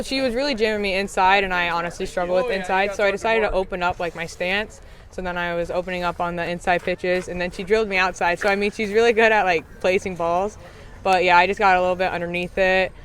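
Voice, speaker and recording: A teenage girl softball player giving a bubbly postgame interview outdoors at a ballfield, saying "like" a lot. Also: on the low side. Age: teens. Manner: bubbly, heavy use of "like". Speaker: high school softball player.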